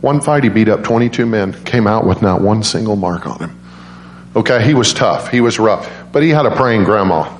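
A man preaching a sermon as a guest speaker, telling stories in an animated way and leaping into high voices for quoted people. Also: moderate pace, slight background noise. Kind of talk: storytelling sermon. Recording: roomy church echo.

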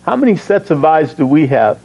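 A man's voice: fairly high pitch, fairly quick, husky, dull audio. A man preaching a sermon as pastor, reading scripture aloud and asking his congregation questions, chuckling between points. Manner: animated, asks the congregation questions and answers himself.

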